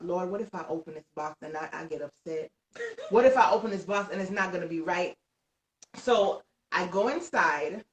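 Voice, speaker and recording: A woman author telling an excited story on a live stream, animated, often laughing and shouting as she tells it. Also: mid-range voice. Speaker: guest author. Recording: roomy, distant from the mic.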